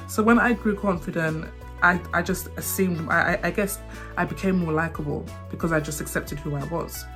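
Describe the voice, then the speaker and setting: A young woman with a lowish voice tells her own story quickly, doubling back and repeating words as she goes. Soft music plays faintly behind her. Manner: fast talker who repeats and trips over words. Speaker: vlogger. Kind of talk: personal storytelling to camera. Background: faint background music.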